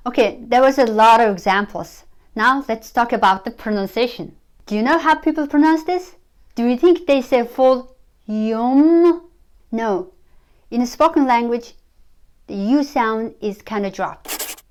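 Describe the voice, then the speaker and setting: Woman teaching. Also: fairly high pitch. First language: Mongolian. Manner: slow, careful, repeats example phrases. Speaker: language teacher. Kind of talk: pronunciation lesson.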